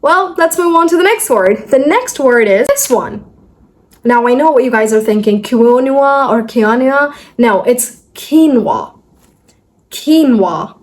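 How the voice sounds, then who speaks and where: A young woman teaching pronunciation in a video lesson, talking straight to viewers and repeating words slowly, syllable by syllable. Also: fairly high pitch, expressive.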